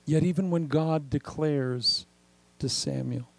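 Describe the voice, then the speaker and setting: An older man preaching a sermon as pastor, animated and acting out the voices he quotes. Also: a little high, slow, creaky, no room sound, poor audio.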